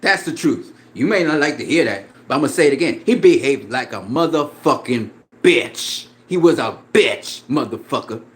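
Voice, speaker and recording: A man's voice: medium pitch, expressive, moderate pace. A man in a profane, confrontational casual rant about boxing, laughing often as he talks back at a critic. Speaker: boxing commentator.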